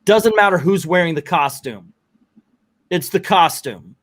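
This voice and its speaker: A man with a slightly high voice gives live comic book commentary. He rambles and gets animated, and his asides turn into rants. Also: a little slow.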